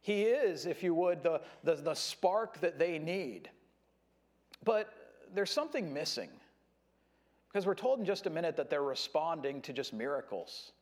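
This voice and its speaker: A man preaching a sermon in a conversational, animated way, acting out what a crowd shouts. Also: a little high, unhurried. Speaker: pastor.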